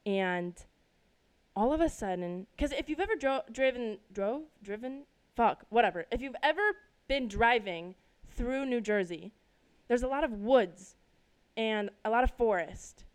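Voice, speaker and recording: A young woman from Colorado speaks into her desk microphone, retelling a road-trip fight with plenty of swearing and sudden loud outbursts. Her voice is clean and smooth, sitting slightly higher than most. It sounds like a casual solo podcast. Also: expressive, measured pace. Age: young adult. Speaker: podcast host. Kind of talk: casual storytelling monologue.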